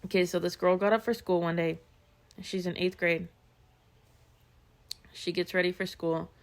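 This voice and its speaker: A woman chats her way through a true-crime story on a podcast, full of fillers and quoted asides. Her voice sits a little low and has a gravelly edge. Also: little pitch movement, normal speed. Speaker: podcast co-host. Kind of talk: casual chat, retelling true-crime stories.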